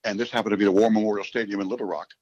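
A man in his seventies from New York City, a radio play-by-play announcer, telling rambling, animated stories in a casual interview. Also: fairly low pitch, very fast, dry recording. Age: 70s. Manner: animated, rambling storyteller who acts out quotes. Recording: dull, dry recording.

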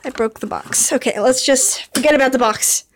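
A woman filming an unboxing vlog, gushing and excitable, talking to her viewers while tired late at night. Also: high voice, normal speed. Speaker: vlogger unboxing a model horse.

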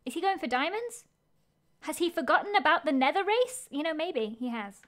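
A woman live-streaming a game, narrating her own moves with excitable energy. Her voice sits high and bright in pitch. She thinks out loud constantly, reacting to each twist as it comes. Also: normal speed.

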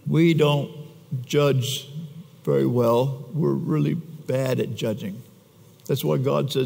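A man's voice: mid-range voice, slow, gravelly, warm tone. A man preaching a conversational sermon, often putting questions to the congregation. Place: church. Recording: echoey church hall.

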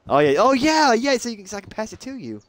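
A man's voice: very high-pitched, very animated, fast talker, no room sound. Giggling young man, dry close sound. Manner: giggly and teasing, laughs often. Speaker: gamer. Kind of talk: casual co-op gaming chat.

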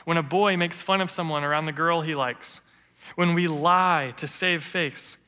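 Bright-voiced preacher in a reverberant church. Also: male voice, a little high, moderate pace, clean tone. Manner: earnest storytelling preacher, quotes others in lively voices. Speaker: interim lead pastor. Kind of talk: sermon. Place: church sanctuary.

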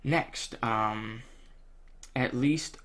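A young man, ranting bluntly to camera in casual vlog talk, swearing a lot and filling pauses with ums. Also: medium pitch, fairly bright tone. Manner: blunt, profane, heated, with many ums. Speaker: vlogger.

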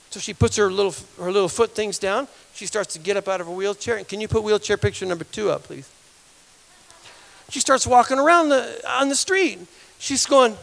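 A man with a high, gravelly voice preaches in a storytelling way. He rambles and repeats words, and gets lively as he talks. His voice carries a long reverb from a church hall. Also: fairly quick. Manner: rambling, repeats words, laughs and grows animated. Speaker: guest speaker. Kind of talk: storytelling sermon.

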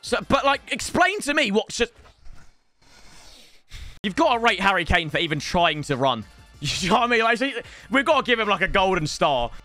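A young man commentating live on his football video game, excitable and jokey, often shouting at the play. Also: high voice, moderate pace, no room sound, soft background music. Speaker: gaming streamer.

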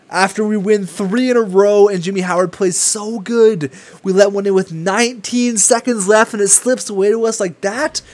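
A young man giving casual, excitable commentary over a video game, swinging between hype and frustrated swearing. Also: high-pitched, moderate pace. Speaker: gaming commentator.

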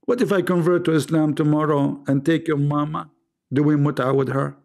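A man's voice: a little high, steady tone, brisk, vocal fry, darkish tone. A man with an Arabic accent hosting a live debate stream, taunting and sarcastic toward his callers. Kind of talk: mocking live-stream banter.

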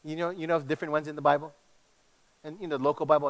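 A middle-aged male pastor from Hawaii with a slight tinge, preaching in an animated, conversational way with many restarts. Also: fairly high pitch, quick pace. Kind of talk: sermon.

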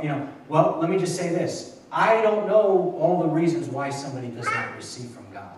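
A man's voice: on the high side, expressive, normal speed, few pauses, crowd noise. A man preaching a sermon at a midweek church Bible study, talking conversationally and often restarting his sentences. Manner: conversational and repetitive, with frequent restarts. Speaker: pastor. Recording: echoey church room, mic far off.

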